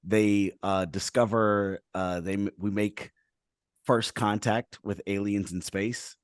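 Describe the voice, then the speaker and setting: A man with a fairly low voice hosts a loose group conversation over a video call. He rambles through his ideas, filling them with "like" and "right?". The sound is close and dry, with no room around it. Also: steady tone, slow, smooth, dry recording. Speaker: show host. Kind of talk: casual group chat on a call.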